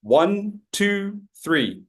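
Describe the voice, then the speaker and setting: A man's voice: high voice, sing-song, very slow. Jokey guy running a speaking class, voice swings way up and down, takes his time. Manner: playful, jokey, leads group drills. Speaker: workshop presenter. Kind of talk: interactive public speaking workshop.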